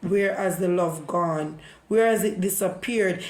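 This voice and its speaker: A woman's voice: fairly low pitch, measured pace, darkish tone. Jamaican woman vlogger, repeats herself as she preaches, recorded in a room with echo. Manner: repetitive, preachy storytelling. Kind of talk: casual monologue.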